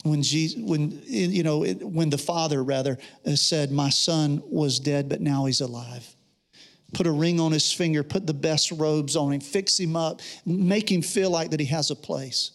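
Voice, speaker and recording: A man's voice: fairly high pitch, moderate pace. A man preaching a sermon, telling a personal story in an earnest way and acting out the dialogue. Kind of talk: sermon testimony.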